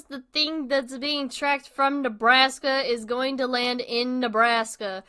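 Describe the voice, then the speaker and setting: A woman's voice: on the high side, bright, forceful tone, smooth. A young woman streaming a horror game. She reads the on-screen text aloud and rambles in a casual, self-deprecating way while eating dinner.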